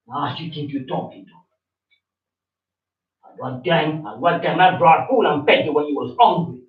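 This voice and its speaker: A man's voice: on the high side, moderate pace, pauses often. Older man ranting in an echoey room. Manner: rambling, blunt, worked up. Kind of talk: heated rambling talk. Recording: dull echoey room from far off.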